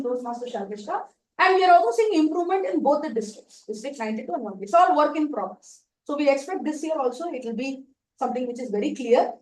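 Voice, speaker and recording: High-voiced woman in an echoey room. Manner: emphatic, explanatory, repeats key points. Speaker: speaker giving a contest training session. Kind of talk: advisory workshop talk. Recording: echoey room, distant mic, faint noise.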